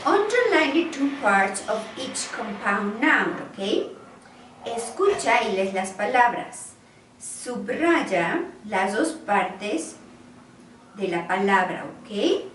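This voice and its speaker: A woman's voice: mid-range voice, big pitch swings, a bit bright, slight background noise. A woman teaching an English class, patient and explaining each phrase with repetition. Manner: slow, patient, repeats and translates each phrase. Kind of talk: online class instruction. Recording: roomy, distant recording.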